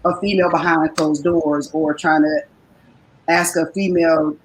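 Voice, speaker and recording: A woman speaking in a hesitant, reflective way in a casual group chat, pausing and restarting. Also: sits low, level tone, slight background noise, poor audio.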